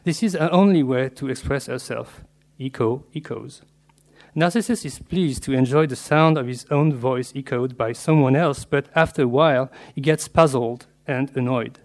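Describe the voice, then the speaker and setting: A man delivering an academic lecture on literature, read from a prepared paper in a measured, scholarly way with Latin and French terms woven in. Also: medium pitch, darkish tone.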